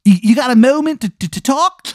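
A man's voice: lively intonation, a little fast, a little mellow, dry recording, studio quality. A man putting on a wheedling oddball with a bad fake Maryland accent. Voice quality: high, drawling and wheedling. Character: seedy oddball man who knows every answer.

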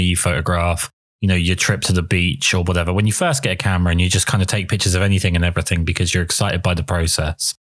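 Low-voiced chatty male podcast host. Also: dry recording, clean studio sound. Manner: chatty, self-deprecating. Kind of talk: casual interview chat.

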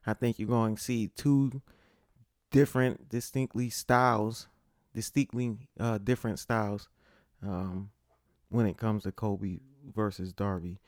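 A man's voice: fairly low pitch, steady tone, unhurried, dry recording, studio quality. A man hosting a podcast in a loose, casual way, with many fillers and restarts. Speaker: podcast host.

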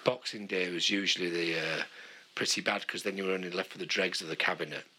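A man's voice: low voice, steady tone, fast, bright, forceful tone, breathy edge. A British man co-hosting a podcast in casual banter, teasing, swearing and laughing often. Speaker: podcast co-host.

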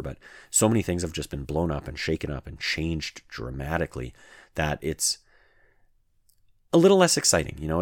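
A man with an extremely deep, low voice hosts his own podcast alone. He talks casually and rambles, restarting sentences often, and the recording is close and dry with no room sound. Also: no room sound. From Canada. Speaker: podcast host. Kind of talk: solo gaming podcast monologue.

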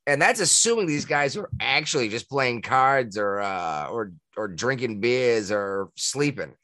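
A man with a Massachusetts accent co-hosting a podcast in casual chat, talking in an animated way that jumps high when he gets worked up. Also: measured pace, no echo, studio quality. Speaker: podcast co-host.

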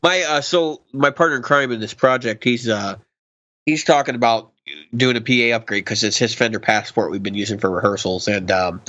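A man co-hosting a podcast, chatting casually and enthusiastically about guitar and sound gear with quick asides. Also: mid-range voice, bright, forceful tone, no echo, muffled recording.

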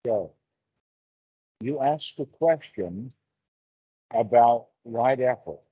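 A man with a husky voice teaches meditation over a video call. He talks slowly and deliberately and explains through simple everyday examples. The sound is dry and muffled, like lo-fi call audio. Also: medium pitch, animated, dry recording. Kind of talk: casual dharma talk on a video call. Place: seated on the floor indoors, with rain outside. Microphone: video call mic. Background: heavy rain.

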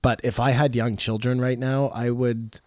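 A man's voice: mid-range voice, level tone, normal speed, darkish tone, no echo, studio quality. A middle-aged man co-hosting a podcast, talking bluntly and emphatically, swearing freely. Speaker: podcast co-host. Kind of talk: casual chat.

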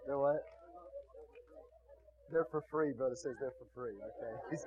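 A man's voice: medium pitch, unhurried, pauses often, mellow, dull audio. A male pastor preaching and praying before his congregation, talking in a folksy, chatty way with asides to the people in the pews. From Texas. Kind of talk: sermon and prayer.

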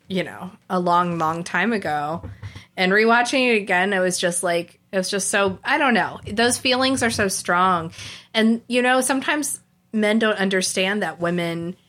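A woman co-hosting a relaxed podcast conversation. Her voice sits at an ordinary middle pitch. She gushes, laughs easily and breaks into little acted-out quotes. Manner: gushing, laughs often, acts out quotes. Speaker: podcast co-host. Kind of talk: casual podcast chat.

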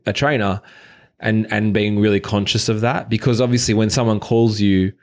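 A man, a dog trainer and podcast co-host, chatting casually and jumping up high when he mimics people. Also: flat delivery, moderate pace, a little mellow.

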